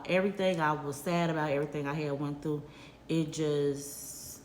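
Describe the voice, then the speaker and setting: Woman vlogger, deep voice, heartfelt storytelling, echoey room. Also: a little hiss or hum. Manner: animated, conversational, heartfelt. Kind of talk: casual storytelling to viewers.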